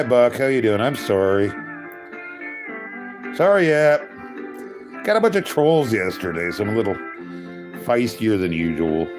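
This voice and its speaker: A man hosting a casual livestream, chatting with viewers in a rambling, wry way and chuckling at himself. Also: mid-range voice. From California. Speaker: livestream host. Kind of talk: casual livestream chat reading comments.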